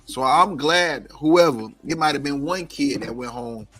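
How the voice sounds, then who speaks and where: A man's voice: a little high, measured pace, a bit bright, no echo, faint music behind. A man co-hosting a comedy podcast, talking casually and emphatically, repeating words for stress. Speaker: podcast co-host. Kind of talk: casual chat.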